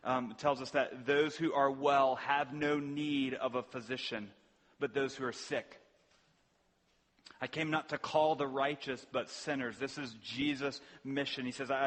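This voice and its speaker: A man's voice: mid-range voice, a bit bright, long reverb tail. A man preaching a sermon as pastor, earnest, often restarting words and asking rhetorical questions. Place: church sanctuary.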